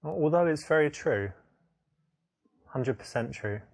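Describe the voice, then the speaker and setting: A man's voice: fairly high pitch, expressive, takes it slowly, creaky. A man coaching the viewer on dating in a matter-of-fact, advising way. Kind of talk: instructional commentary.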